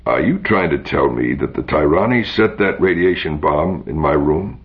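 A man's voice: rumbling low, expressive, normal speed. A man reading aloud, voicing a tense, guarded young man who answers curtly. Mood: defensive. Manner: tense, curt. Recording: dull lo-fi recording.

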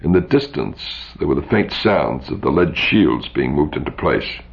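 A male narrator with a very low, gravelly voice reads a story with lively intonation. He voices each character himself. The sound comes through a dull, lo-fi recording. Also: moderate pace. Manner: expressive reading, voicing each character. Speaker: audiobook narrator. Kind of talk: scripted narration.

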